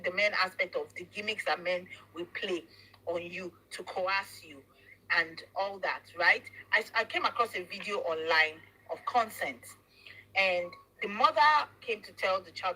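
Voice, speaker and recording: Talk host, woman; firm, lecturing delivery with a bright, husky edge. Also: mid-range voice, rough recording. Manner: emphatic, preachy, mixes in Yoruba phrases. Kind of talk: casual commentary chat.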